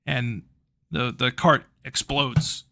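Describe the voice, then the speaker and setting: A man's voice: mid-range voice, fairly even intonation, slow, gravelly, sharp tone, no room sound, clean studio sound. A man narrating a tabletop game as game master in a casual, loose way with frequent swearing. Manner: casual, swearing, hesitant fillers.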